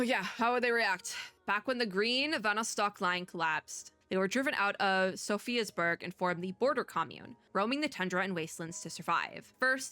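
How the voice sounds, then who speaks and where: Woman VTuber, crisp bright tone, casual story read-through with commentary. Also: mid-range voice, dry recording. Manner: chatty, with quick side comments and laughs. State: voice getting worn. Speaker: VTuber streamer. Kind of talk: reading game story aloud with asides.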